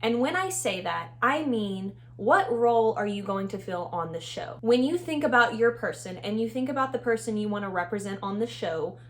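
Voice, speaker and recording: A woman's voice: medium pitch, animated, normal speed, hardly any pauses. A young woman with a Texan accent giving upbeat, chatty advice in a casual vlog, laughing often. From Texas. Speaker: vlogger, former reality show contestant.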